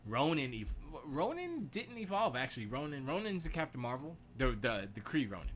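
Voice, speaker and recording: A man hosting a live stream from his home studio, rambling in a loose, excitable, slangy way about games and movies. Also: mid-range voice, normal speed, a little hiss or hum. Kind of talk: casual gaming and movie chat.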